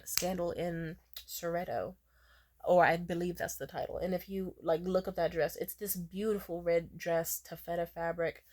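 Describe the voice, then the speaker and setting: A young adult woman telling a casual storytime vlog, chatty and profane, squealing high when she acts out other people. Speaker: vlogger.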